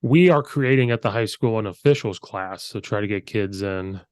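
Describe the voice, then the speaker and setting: A man's voice: lowish voice, normal speed, no room sound. Dry-sounding male podcast host. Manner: storyteller who acts out dialogue. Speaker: podcast host and high school coach. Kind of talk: casual chat.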